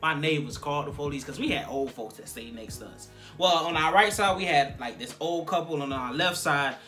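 Bright-toned casual storyteller, animated, voices the quotes, music faint under. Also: medium pitch, brisk. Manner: animated, acts out quotes, many fillers. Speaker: guest on a Q&A vlog.

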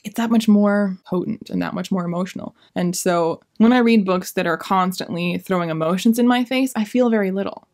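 A woman's voice: on the low side, a little mellow. A young adult woman talking casually in a book review vlog, enthusiastic and gushing.

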